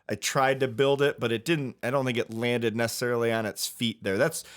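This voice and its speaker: Easygoing podcast host, stammering agreement. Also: male voice, mid-range voice, level tone, brisk. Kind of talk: casual chat.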